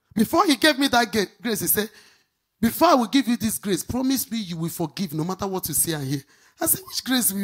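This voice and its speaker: A middle-aged woman pastor preaching a sermon, swinging from loud outbursts to quiet asides. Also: breathy edge. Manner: animated preaching, swinging between shouts and low asides.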